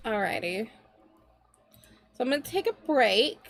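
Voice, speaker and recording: A woman's voice: on the high side, animated, measured pace, gravelly, fairly bright tone. A young woman streamer chatting casually to her viewers, chatty and a little scattered, with many fillers and restarts. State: tearful and laughing. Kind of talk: casual livestream chat.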